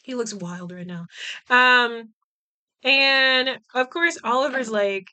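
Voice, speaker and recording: A woman hosts her own podcast in a loose, chatty way, laughing often and filling gaps with "um" and "like." Her voice sits a little high and rings bright and sharp. Every word comes through clean and crisp. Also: slow pace. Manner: chatty and animated, laughs often, many fillers. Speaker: podcast host. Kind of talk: casual podcast chat recapping a film.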